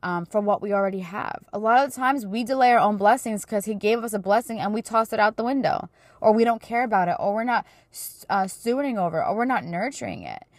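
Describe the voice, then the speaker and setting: A woman's voice: mid-range voice, fast, dry recording, clean studio sound. A woman in her thirties hosting a casual faith talk, telling stories in an earnest, chatty way with plenty of fillers. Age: 30s. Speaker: podcast host.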